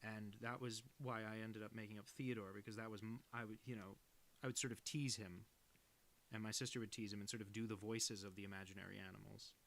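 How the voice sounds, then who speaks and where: A man's voice: lowish voice, little pitch movement, quick pace, a bit bright. A man chatting casually with viewers on a live stream as he inks a cartoon, rambling and self-deprecating. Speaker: cartoonist streaming his work. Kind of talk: casual live-stream chat while drawing.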